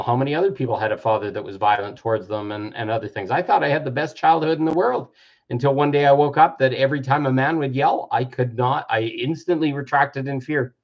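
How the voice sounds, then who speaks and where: Man, 50s, gravelly, earnest self-help talk, muffled lo-fi sound. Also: mid-range voice. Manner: earnest, acts out quoted voices. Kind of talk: reflective personal-growth talk. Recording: dull lo-fi recording.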